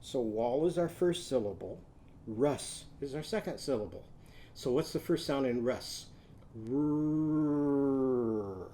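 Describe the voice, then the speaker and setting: A man teaching young children a drawing and phonics lesson, giving slow, patient step-by-step instructions. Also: medium pitch, animated, warm tone, a little hiss or hum.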